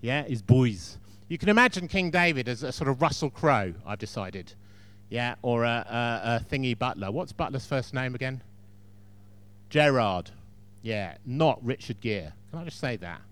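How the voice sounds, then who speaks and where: A man's voice: mid-range voice, lively intonation, normal speed, fairly bright tone. A man preaching a sermon in a chatty storytelling way, with frequent asides to the congregation.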